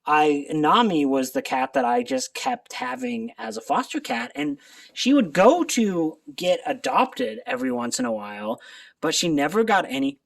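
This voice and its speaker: Chatty man with a lively voice. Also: sits high, normal speed, vocal fry. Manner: rambling, chatty, laughs often. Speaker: channel host. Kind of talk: casual vlog chat. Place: at home.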